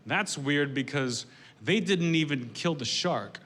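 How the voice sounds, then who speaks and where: A man doing a stand-up set, delivering dark jokes in a dry, deadpan way. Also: a little high, unhurried. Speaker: stand-up comedian.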